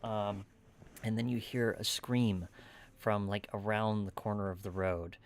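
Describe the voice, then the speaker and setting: A man's voice: on the low side, flat delivery, measured pace. A man running a tabletop game as game master, narrating casually with many fillers and frequent "right?" check-ins.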